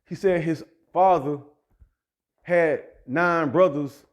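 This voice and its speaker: A man's voice: fairly high pitch, slow. A man who runs an app business, ranting straight to his listeners in loose, heated street talk. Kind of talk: direct-to-camera rant.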